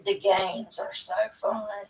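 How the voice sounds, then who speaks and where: A middle-aged woman hosts a casual webcam livestream from indoors at home, chatting with viewers in a rambling, folksy manner. Her voice is medium-pitched and a little mellow, with fairly even intonation and a slow pace. She's positioned a bit far from the mic.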